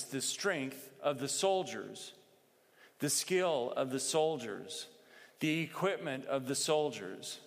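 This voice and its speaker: A man preaching a sermon in a measured, explanatory way, pausing for asides. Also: mid-range voice, a bit bright. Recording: long reverb in a hall.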